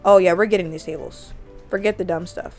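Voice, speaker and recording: A woman's voice: on the low side, fairly quick, soft background music. Chatty young woman narrating her game. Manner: chatty, easily excited, gasps and laughs. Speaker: gaming channel host. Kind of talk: let's-play commentary narrating a life-sim game.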